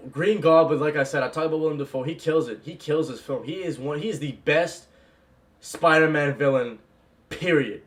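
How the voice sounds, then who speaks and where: A young man in an excited, casual movie reaction vlog, gushing and repeating "bro" and "man". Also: a little high.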